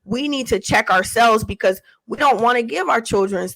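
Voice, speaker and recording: A woman's voice: medium pitch, animated, brisk, creaky, hardly any pauses, fairly bright tone, no echo, rough recording. A woman co-hosting a podcast in casual chat, reflective and questioning. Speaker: podcast co-host.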